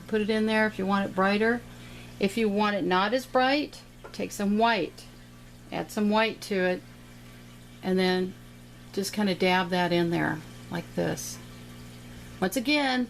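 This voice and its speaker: A woman's voice: mid-range voice, slight background noise, poor audio. A middle-aged woman giving a casual, playful step-by-step painting lesson, chatting and making little sound effects as she paints. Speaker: painting teacher.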